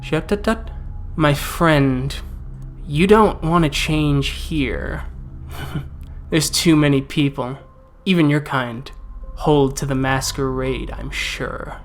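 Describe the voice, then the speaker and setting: A man voicing an ancient male vampire who speaks slowly and coldly, with a low, hushed delivery that slips into whispers. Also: soft background music. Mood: menacing. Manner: slow, measured, threatening. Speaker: vampire villain.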